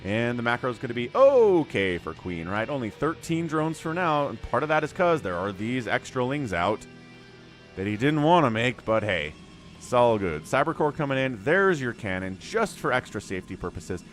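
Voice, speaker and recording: An excitable man commentates a strategy game live, his pitch swinging high and low as the action heats up. He talks in a chatty, casual way, with faint music playing underneath. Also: normal speed. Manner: excitable, chatty, reads out viewer chat. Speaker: game caster.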